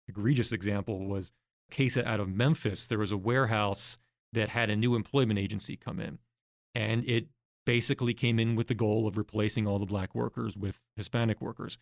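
A man's voice: fairly low pitch, no room sound. Man explaining in a dry podcast studio. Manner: explanatory, walks through examples step by step. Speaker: guest researcher. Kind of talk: podcast interview.

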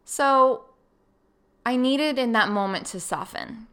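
Woman podcast host, solo casual storytelling, bright and clear tone, animated, voices her own inner thoughts. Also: a little high, slow. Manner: animated, acts out her own past thoughts, laughs easily.

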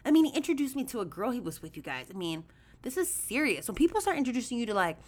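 A woman hosting a podcast, telling a story in a chatty, animated way, addressing her listeners as y'all and acting out quoted voices with big jumps in pitch. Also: brisk. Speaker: podcast host. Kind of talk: casual storytelling monologue.

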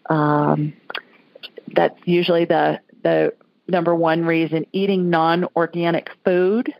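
A chatty woman hosts a call-in show, talking to callers in a folksy, easygoing way. Her voice has some gravel in it. The sound is dry and a little dull, like lo-fi radio audio. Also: fairly low pitch, flat delivery, takes it slowly, dry recording. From Alabama. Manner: chatty, folksy, laughs often. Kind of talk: casual call-in radio chat.

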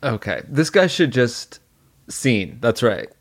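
A man in casual comedy banter keeps needling his partner, firing off teasing, bossy challenges. His voice is a plain, mid-pitched man's voice. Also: very animated, slow pace. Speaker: podcast co-host.

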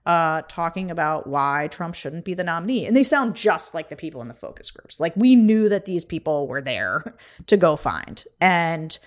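A woman with a somewhat low voice talks politics in a casual, brisk podcast chat. She is animated and drops in quick laughs as she explains her points. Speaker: podcast co-host and political campaigner.

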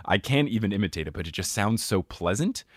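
A man's voice: lowish voice, animated, a little fast, dry recording, clean studio sound. A man hosting a casual podcast, explaining things at length with frequent laughs. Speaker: podcast host.

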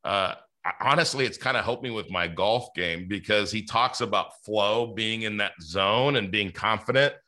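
A male podcast host with a lowish, bright, forceful voice chats casually with his guest at a moderate pace, rarely pausing. He rambles, using lots of fillers and restarting sentences.

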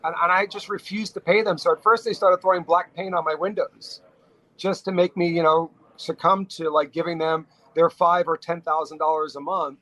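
A middle-aged man from New York spins stories as a podcast guest. His voice sits a little high for a man, and he talks in animated bursts, often restarting his sentences. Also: normal speed, no room sound, rough recording. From New York, USA. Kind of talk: casual storytelling interview.

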